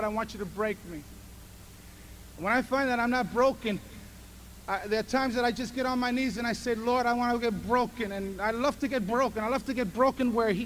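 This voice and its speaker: A man preaching a sermon as pastor, swinging between hushed, tender passages and shouted, impassioned climaxes. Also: very high voice, slight background noise.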